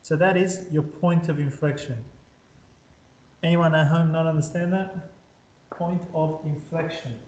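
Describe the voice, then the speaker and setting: A man with a slightly high voice, teaching a maths class in an upbeat way. He keeps checking in with the students, and his voice rings around a bare, echoey room. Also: fairly even intonation, unhurried, pauses often, a little mellow, dull audio, slight background noise. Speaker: maths tutor. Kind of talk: whiteboard maths lesson.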